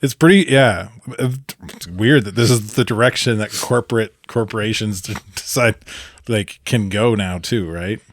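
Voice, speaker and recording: A man co-hosting a podcast in casual chat, halting and full of fillers, speaking into a boom mic. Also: no echo. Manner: laughs often, filler-heavy, halting. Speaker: podcast co-host.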